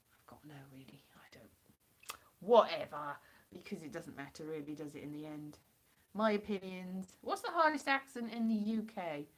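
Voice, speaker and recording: A hoarse woman from the United Kingdom rambling and joking as she chats with viewers on a live stream through a computer mic. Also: medium pitch. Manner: rambling and jokey, chatting to viewers. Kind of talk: casual live-stream chat answering viewers.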